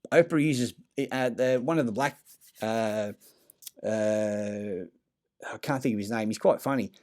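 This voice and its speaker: A man giving a rambling, profane monologue, halting often with fillers and restarts. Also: fairly low pitch, a little mellow. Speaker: conspiracy talker.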